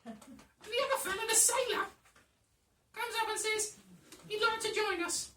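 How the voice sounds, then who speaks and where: A woman putting on a shrill Cockney street girl. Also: a little slow, sharp tone, slight background noise, exaggerated voice. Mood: chatty. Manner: shrill, theatrical, laughing through lines. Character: young brash female street girl. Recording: echoey room, mic at a distance.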